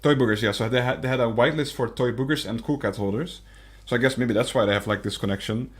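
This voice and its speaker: A man's voice: mid-range voice, quick pace. A young man co-hosting a casual podcast, talking hesitantly with frequent restarts and fillers. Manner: hesitant, stammering restarts, lots of um and like. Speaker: podcast co-host.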